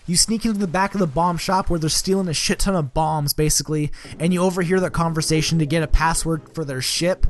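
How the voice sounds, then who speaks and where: A man's voice: high-pitched, steady tone, fast talker, soft background music. A young man giving a comedic, sarcastic game recap, swearing constantly and full of filler words.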